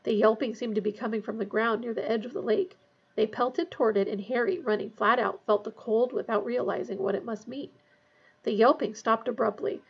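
A woman narrating a fantasy novel aloud in a tense, hushed storytelling manner. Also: a little high, steady tone, a little fast, vocal fry, slightly rough, highs cut off. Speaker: audiobook reader.

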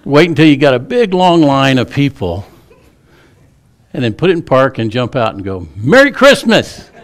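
A middle-aged pastor preaches to his church in a folksy, joking way. His voice sits at a medium pitch as he weaves stories into the sermon. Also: animated, normal speed. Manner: folksy storytelling with humor. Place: church sanctuary.

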